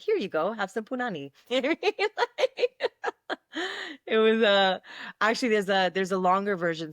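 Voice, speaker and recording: Animated woman comedian telling stories. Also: lowish voice, dry recording, clean studio sound. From Canada. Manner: animated, laughs often, acts out quotes. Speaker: guest comedian. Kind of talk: casual podcast storytelling.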